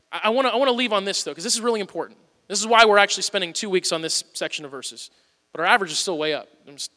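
Pastor, male, high bright voice, earnest sermon delivery, long hall reverb. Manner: earnest, swings from loud urging to soft pleading. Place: church auditorium.

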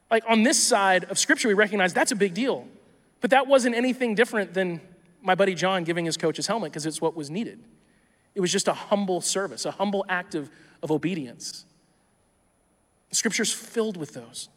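A tired male pastor preaching a sermon in a conversational, animated way, often acting out imagined dialogues. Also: high-pitched, moderate pace, in a large hall. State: tired from little sleep.

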